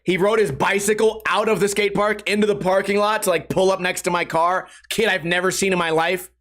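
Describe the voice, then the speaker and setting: A man hosting his own podcast, telling a story in a casual rant, animated and profane, with comic quoted voices. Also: sits high, a little fast. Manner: profane, comedic. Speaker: podcast host.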